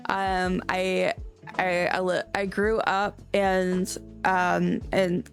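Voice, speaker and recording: A woman's voice: lowish voice, little pitch movement, drawn-out words, vocal fry, faint music behind. Chatty Southern woman streamer, rambling. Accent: light Southern Cajun-tinged American. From Cajun country, US South. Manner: rambling, chatty, self-correcting, laughs often. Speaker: live streamer playing a life-sim game. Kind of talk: casual live-stream chat.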